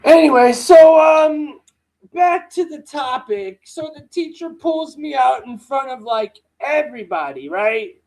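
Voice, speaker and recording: Very high-voiced man telling rambling stories. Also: lively intonation, measured pace, darkish tone. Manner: profane, slangy, rants full of "bro" and "dude". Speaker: live-stream host. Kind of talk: casual rambling storytelling.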